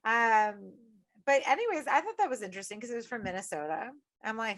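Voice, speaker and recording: A woman's voice: medium pitch, animated, quick pace, fairly bright tone. A woman from upstate New York co-hosting a casual horror podcast, loose and joking with blunt swearing. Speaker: podcast co-host.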